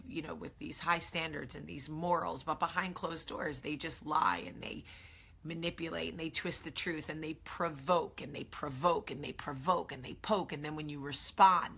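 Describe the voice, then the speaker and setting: A woman's voice: on the low side, pushed and bright, slightly rough. A woman in her thirties hosting a casual morning chat to camera, chatty and emphatic with many fillers and asides. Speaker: host.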